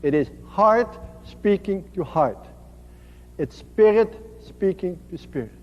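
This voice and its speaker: A man preaching a sermon slowly and gently, his voice dropping to a soft hush on tender phrases. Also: sits high, lively intonation. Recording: dull lo-fi recording in a reverberant hall.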